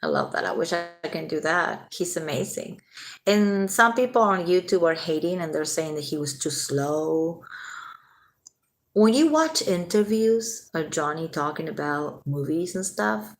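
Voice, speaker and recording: A woman's voice: lowish voice, animated, measured pace. A woman hosting a casual late-night livestream, chatting with viewers, answering their comments and swearing freely.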